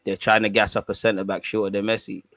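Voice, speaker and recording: A man's voice: on the low side, level tone, fast talker, a bit bright, no echo. A man hosting a fan channel, casually reading and answering viewer comments in a slangy, bantering way. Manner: slangy, laid-back, bantering.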